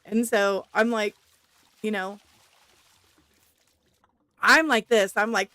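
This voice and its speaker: A woman's voice: on the high side, takes it slowly, gravelly, pauses often, a bit bright, no room sound. Chatty woman streamer, dry sound. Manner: chatty, laughs often, reads chat aloud. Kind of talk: casual game stream chat.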